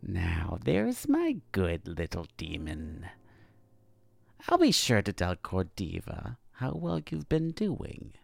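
A man's voice: low voice, huge pitch swings, takes it slowly, gravelly, no echo, soft background music, full character voice. A man voicing a scheming demon uncle who coaxes sweetly and then commands coldly. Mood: patronizing. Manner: sweetly coaxing, turning cold and commanding. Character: scheming male demon uncle, coaxing and stern.

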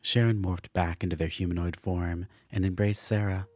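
A man narrating a dark fantasy story in a slow, measured way. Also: sits low, steady tone, no echo.

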